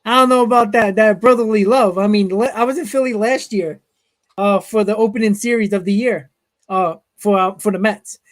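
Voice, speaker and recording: A man's voice: high voice, steady tone, moderate pace. A man hosting a live stream, reading chat comments and telling stories in a casual way, often chuckling. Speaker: host.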